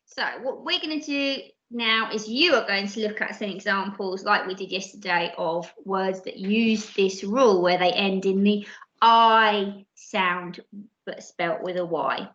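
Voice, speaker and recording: A woman teaching a recorded phonics lesson for young children, speaking clearly and encouragingly with frequent praise. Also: medium pitch, measured pace, fairly bright tone. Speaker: primary school teacher. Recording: dull lo-fi audio in an echoey room.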